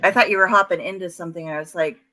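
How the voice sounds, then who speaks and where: A woman's voice: on the low side, fairly even intonation, rapid-fire, bright, forceful tone, rough recording. A woman co-hosting, chatting casually and rambling with laughs. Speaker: co-host. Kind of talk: casual chat.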